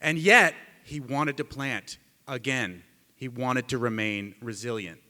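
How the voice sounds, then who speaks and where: A man, a radio host, emceeing a live storytelling event on stage with energetic, joking delivery. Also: mid-range voice, measured pace. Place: stage in a hall with live audience. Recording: long hall reverb.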